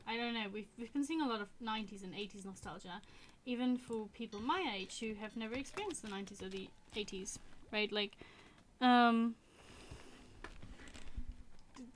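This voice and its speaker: A woman's voice: a little high, slight background noise. A young woman in her twenties streaming a game, chatting casually in a rambling, self-correcting way and laughing often. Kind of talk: casual gaming stream chat. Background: game music and keyboard typing.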